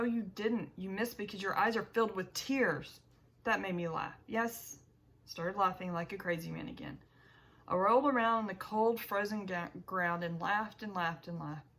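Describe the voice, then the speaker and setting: A woman narrating an audiobook in the first person, with a measured reading and small self-corrections. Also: mid-range voice, gravelly, a bit bright, poor audio.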